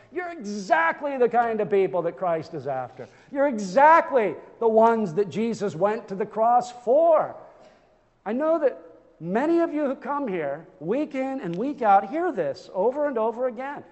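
Impassioned high-voiced male preacher. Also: very animated, moderate pace, darkish tone, in a large hall. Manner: impassioned preaching with rhetorical questions and repetition. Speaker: pastor. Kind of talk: sermon.

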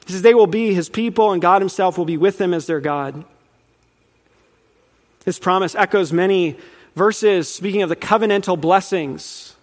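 A man with a high voice teaches a sermon in an earnest, building manner, now and then quizzing the room. His words ring out with a long reverb from a large church hall. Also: normal speed. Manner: earnest, rising in emphasis, quizzes the audience. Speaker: preacher teaching on Revelation.

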